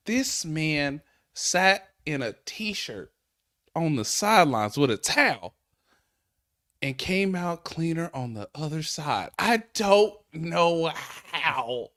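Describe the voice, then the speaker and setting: A man's voice: fairly high pitch, big pitch swings, slow, a bit bright, dry recording, clean studio sound. A man on a sports podcast who tells stories with animation, laughs often and acts out other people's lines. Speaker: sports reporter and podcast panelist. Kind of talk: casual sports podcast chat.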